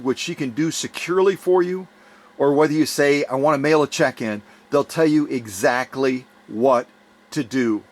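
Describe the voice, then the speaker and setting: A man hosting his channel, making an urgent, repetitive fundraising appeal with a voice going hoarse. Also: fairly high pitch. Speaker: YouTube channel host.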